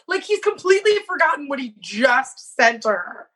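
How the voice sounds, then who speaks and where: Her voice sits high and is expressive and fairly bright, moving a little slowly with long pauses. She's a woman in her thirties co-hosting a casual chat, giggly as she retells a message story, reading the texts aloud with lots of fillers and laughter. The recording is low-quality.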